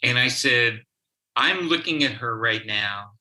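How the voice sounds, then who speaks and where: A man tells a story from his work as a therapist in a podcast interview. He speaks slowly and stops often to restart his sentences. His voice sounds very bright and edgy. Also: medium pitch, expressive, low-quality recording. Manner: slow, halting, with many restarts. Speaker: guest, child therapist.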